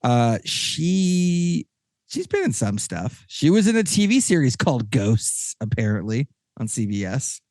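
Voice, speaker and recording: A Texan man hosts a casual podcast, rambling and excitable as he restarts his sentences. His voice has a gravelly fry. The sound is dry and close. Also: medium pitch, unhurried, dry recording. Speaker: podcast host.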